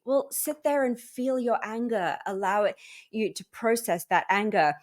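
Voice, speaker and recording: A woman hosting a wellness podcast in a casual conversational way, acting out her own inner thoughts with lively emphasis. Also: a little high, a little slow. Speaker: podcast host.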